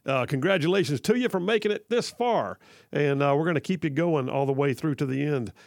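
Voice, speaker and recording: A man's voice: fairly high pitch, animated, fairly quick, dry recording. A man hosting conservative talk radio from a studio, upbeat and jokey, rambling with fillers. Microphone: studio mic.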